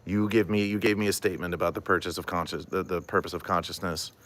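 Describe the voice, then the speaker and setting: A young man with a very low voice talks loosely on his stream, full of "like" and "um". He wanders through a story and stops to answer chat messages. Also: level tone, fast talker, fairly bright tone, a little hiss or hum. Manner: rambling, many fillers, reads and answers chat. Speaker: comedian streamer. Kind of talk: casual livestream chat.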